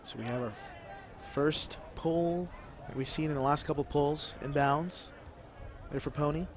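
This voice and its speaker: A man's voice: a little high, unhurried, background noise. A man calling play-by-play sports commentary in short bursts that rise with the scoring plays. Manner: calls the action in short bursts, rising with scores.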